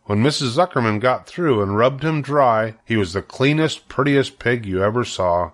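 A man's voice: medium pitch, lively intonation, moderate pace. Grandfatherly man reading a storybook aloud. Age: older. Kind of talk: reading a children's book aloud.

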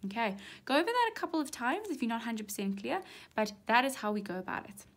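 A woman's voice: on the high side, very animated, quick pace. A young woman with a South African English accent, talking through an exam question as a maths teacher in a chatty way, often checking in with "right?". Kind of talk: exam walkthrough lesson.

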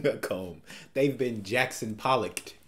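A man's voice: medium pitch, slow, a bit bright. A man hosting a first-time movie reaction, making jokey, wisecracking asides. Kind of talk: casual reaction commentary.

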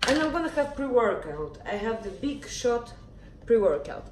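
A woman's voice: on the high side, animated, fairly quick. Young female vlogger, casual and candid, recorded on a camera mic with faint hiss. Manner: chatty, candid, a bit grumpy. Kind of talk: casual vlog monologue. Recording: echoey room, camera at a distance.

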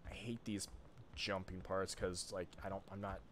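A man casually commenting on his own horror gameplay, muttering to himself with sudden loud outbursts. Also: deep voice, a little hiss or hum. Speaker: streamer playing a horror game.

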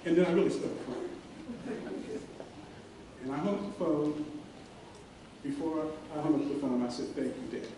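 A middle-aged man giving a graduation speech in a large hall, telling a story earnestly with many pauses and fillers. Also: a little high. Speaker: commencement speaker. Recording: very echoey hall, voice from far off, faint hiss.

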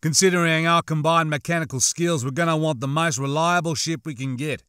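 A man's voice: a little high, fairly even intonation, brisk, a bit bright, smooth, dry recording, studio quality, close to an everyday voice. A man voicing a practical, skeptical male pilot who speaks in a matter-of-fact, wary way.

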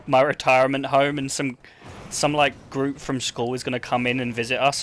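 A man's voice: mid-range voice, flat delivery, a little fast, fairly bright tone, a little hiss or hum. A young man streaming a game and chatting casually, rambling with lots of "like" and swearing. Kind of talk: casual gameplay chat.

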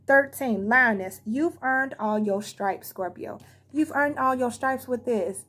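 A woman with a fairly high, husky voice talks straight to her viewers as she gives a casual tarot card reading. She is blunt and heated, and she swears freely. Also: a little slow, a bit bright. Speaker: tarot reader.

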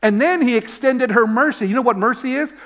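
A man's voice: very high-pitched, a little fast, fairly bright tone. A man preaching a sermon as pastor, telling stories, asking rhetorical questions and calling out amen. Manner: repeats words when searching for them.

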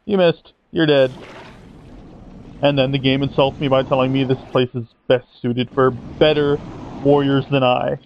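A man narrates his own video game playthrough in a sarcastic, mock-dramatic let's-play style, swearing casually. His mid-range voice is flat and at normal speed, and the lo-fi recording carries a little hiss or hum.

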